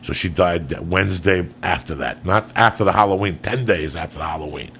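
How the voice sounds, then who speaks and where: A man with a low, gravelly voice hosts a podcast and spins a long personal story. He swears constantly and jumps between loud bursts and quiet, hushed asides. A faint noise sits under the studio mic. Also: fairly quick. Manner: profane, animated storyteller who drops to hushed tones for quotes. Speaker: podcast host.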